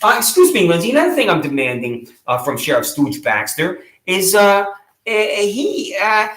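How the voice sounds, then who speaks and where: A man's voice: high-pitched, sing-song, normal speed. A man delivering an indignant, mocking rant straight to camera, full of sarcasm and taunting questions. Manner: loud rising taunts at times. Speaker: local activist vlogger. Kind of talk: ranting monologue to camera. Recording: echoey room.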